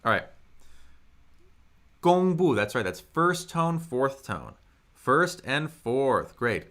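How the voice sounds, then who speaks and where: A young man teaching a live online language lesson, upbeat, reading the chat aloud and modelling tones slowly and loudly. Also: medium pitch, very animated. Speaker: Mandarin teacher on a livestream.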